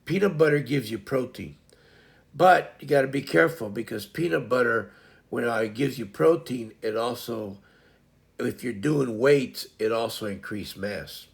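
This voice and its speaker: This is a man in his fifties with a gravelly, fry-tinged voice, hosting a casual live stream. His pitch sits in a middle register. He rambles in a folksy way, restarting sentences and padding them with fillers. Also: measured pace. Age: 50s.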